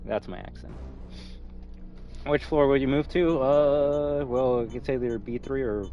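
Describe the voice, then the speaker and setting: A man's voice: mid-range voice, measured pace, dull audio, faint music behind. A man streaming a game, chatting casually with nerdy asides and plenty of swearing. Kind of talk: casual gameplay commentary.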